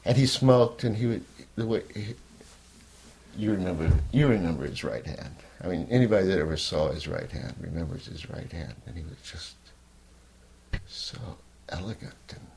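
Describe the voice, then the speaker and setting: An older man telling a personal story in a candid, rambling way, at times sinking to a soft near-whisper. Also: sits low, moderate pace, creaky, slight background noise. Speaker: interviewee.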